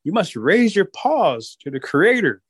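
A man voicing a quick-witted male trickster rabbit in a told folk tale, pleading and bossing the listeners. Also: sits high, very animated, breathy edge, dry recording, clean studio sound, voice pushed up, full character voice. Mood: bossy. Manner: pleading, fast-talking. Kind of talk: oral storytelling.

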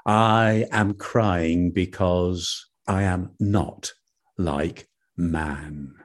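A man voicing a lonely, sorrowful male moon in a told folk tale, slow and hushed. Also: sits low, steady tone, pitched below the performer's own voice. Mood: sad.

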